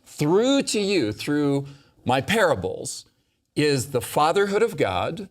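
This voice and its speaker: A male host leads a Bible study discussion at a table, teaching with animation and emphasis. He quotes scripture with dramatic stress in a lively pitch, speaking slowly.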